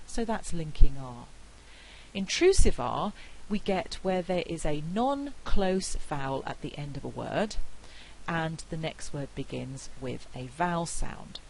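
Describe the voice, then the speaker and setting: Low-voiced British woman lecturing. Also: darkish tone, low-quality recording. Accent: non-rhotic British English. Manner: clear, deliberate demonstrations of example phrases. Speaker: university phonetics lecturer. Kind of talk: academic lecture. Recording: faint hiss.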